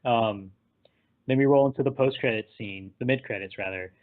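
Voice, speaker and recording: A man recapping a film in casual chat, animated and laughing, sometimes acting out the characters. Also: medium pitch, normal speed. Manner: animated, acts out characters in quotes, laughs often. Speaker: podcast co-host. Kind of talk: casual movie discussion. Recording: tinny phone-like line.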